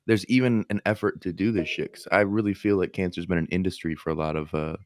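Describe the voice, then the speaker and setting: A man co-hosting a casual podcast, speaking in a relaxed way with a lot of swearing. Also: low-pitched, fast talker, no room sound, studio quality. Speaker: podcast co-host. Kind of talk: casual chat.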